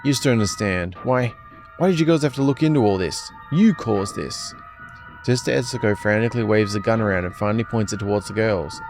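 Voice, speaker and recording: A man's voice: fairly low pitch, brisk, darkish tone, faint music behind, lightly acted. A man voicing a frantic middle-aged nun in a horror game, stammering desperate threats.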